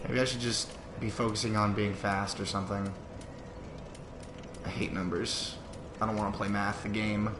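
A man giving live gameplay commentary, swearing and yelling at the game in sudden outbursts, with sarcastic self-mocking asides. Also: on the low side, little pitch movement, moderate pace, pauses often, noisy background. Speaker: gamer streaming live. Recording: roomy with loud background sound.

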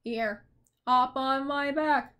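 A woman voicing a calm, sensible male watchdog, speaking a bit lower and in a measured way. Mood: steady.

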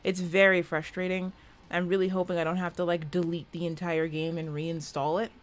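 A woman's voice: fairly low pitch, level tone, fairly quick. A woman giving casual, chatty gameplay commentary from her room at home, swearing freely. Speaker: gaming video creator.

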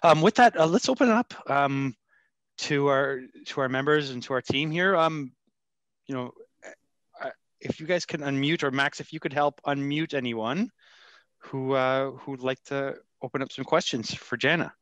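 A man's voice: mid-range voice, moderate pace, fairly bright tone, no room sound. A man moderates a video-call session in an enthusiastic way, with lots of ums and uhs. His voice sits in a middle range. The recording is close and dry. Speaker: host.

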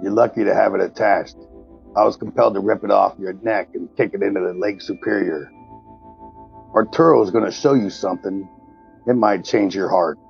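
Gravelly, low-voiced male player. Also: moderate pace, faint music behind. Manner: blunt, casual, swearing. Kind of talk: playing a tabletop game. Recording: slightly muffled lo-fi audio.

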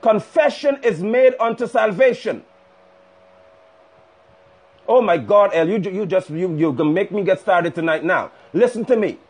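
Fiery husky-voiced male preacher. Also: high voice, lively intonation, moderate pace, pauses often. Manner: fiery, impassioned, scolding. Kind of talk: sermon on a livestream. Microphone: phone livestream.

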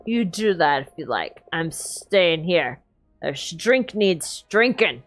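A woman's voice: on the low side, big pitch swings, takes it slowly, soft background music, pitched below the performer's own voice. A woman doing a slurring drunk innkeeper. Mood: bitter. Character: drunk gruff male innkeeper, bitter and weary.

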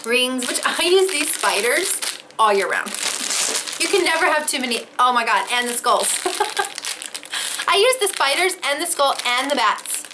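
A young woman vlogger opens fan mail in her home craft studio, gushing, gasping and exclaiming over each gift and laughing often. Her voice sits high and sing-song at a normal speed, with background noise.

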